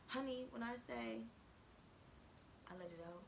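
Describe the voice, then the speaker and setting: A young woman vlogger telling a storytime in casual, animated, slangy talk with plenty of swearing. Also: on the high side, a little slow, slight background noise, poor audio.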